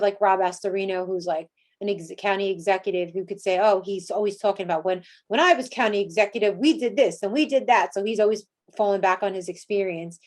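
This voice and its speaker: A woman's voice: medium pitch, a little mellow. A woman hosting a podcast in casual, chatty talk full of "like" fillers. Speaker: podcast host.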